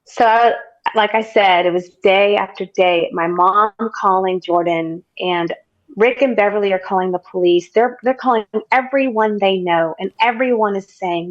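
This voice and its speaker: A woman's voice: medium pitch, normal speed, dry recording, dull audio. Earnest woman telling a dramatic testimony. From United States. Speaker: podcast guest sharing her testimony.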